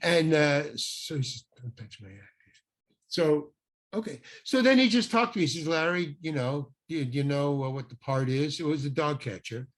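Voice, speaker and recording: Older man telling a lively story. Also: on the high side, normal speed. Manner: animated, acts out quoted voices. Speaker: guest actor. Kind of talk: anecdotal storytelling.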